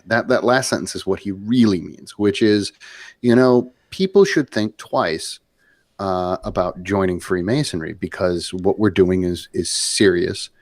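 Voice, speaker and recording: A man co-hosting a podcast, explaining his view in an earnest, deliberate way. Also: low-pitched, no echo, clean studio sound. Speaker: podcast co-host. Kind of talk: casual discussion.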